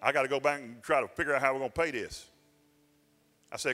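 A pastor telling a personal story in a sermon, folksy and self-mocking, dropping into plain dialect grammar. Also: male voice, medium pitch, fast, long pauses, bright, forceful tone. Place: church sanctuary. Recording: church sanctuary with long reverb and faint music.

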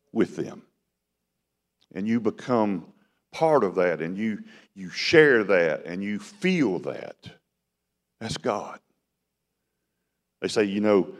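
A man preaching a sermon in a conversational style that rises to emphatic bursts. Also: lowish voice. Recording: long hall reverb.

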